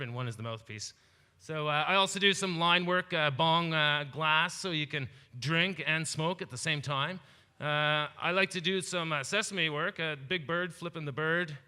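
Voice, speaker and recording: A man's voice: a little high, bright, forceful tone, clear, resonant tone. A man from Canada giving a rambling, jokey talk about his glasswork, full of fillers. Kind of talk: casual comedic slideshow talk. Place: festival presentation hall. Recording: long hall reverb.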